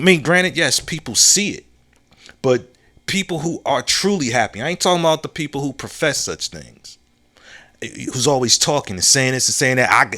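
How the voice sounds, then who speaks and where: Alone on his podcast, a man talks casually and thoughtfully in a slightly high, bright, forceful voice with lively intonation. He drags out his laid-back phrases, uses slang, restarts, repeats key lines, and frequently asks "you know what I'm saying?".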